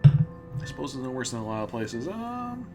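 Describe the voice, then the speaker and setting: A man's voice: medium pitch, very animated, moderate pace, music in the background. A man hosting a let's play, reading a visual novel aloud with amused commentary and frequent stumbles. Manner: amused, often laughing and stumbling over words.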